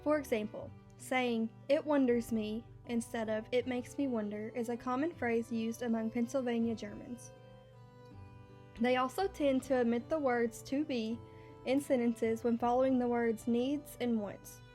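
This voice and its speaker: A woman narrating a scripted class presentation, reading steadily and slowing down for example words. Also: a little high, fairly even intonation, mellow, soft background music. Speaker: student presenter.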